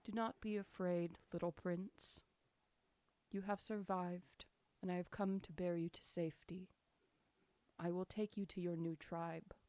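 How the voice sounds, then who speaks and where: A woman's voice: fairly low pitch, fairly even intonation, a little slow, no echo, lightly acted. A woman voicing a soothing wolf spirit. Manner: soothing, soft telepathic voice. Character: calm soothing wolf spirit speaking into minds.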